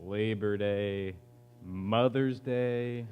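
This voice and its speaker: A man's voice: fairly low pitch, steady tone, very slow, smooth, phone-quality sound. A man playing one half of a hired dragon-suit act in a stage musical, earnest like a salesman.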